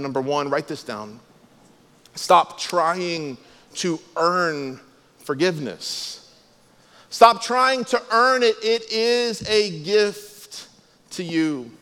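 A man preaching a sermon as pastor, earnest and emphatic, often dropping to a soft, low voice. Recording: long hall reverb.

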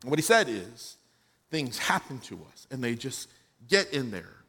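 A man preaching a sermon to his own church as its pastor, telling a personal story and swinging between quiet, soft passages and emphatic ones. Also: mid-range voice, very animated, moderate pace, breathy edge.

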